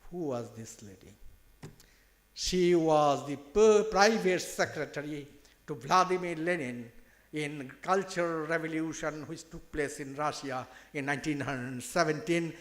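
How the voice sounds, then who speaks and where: High-voiced man telling a story. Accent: Indian English. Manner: emphatic, repeats phrases, slows for effect. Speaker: speaker at a religious seminar. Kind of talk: storytelling speech.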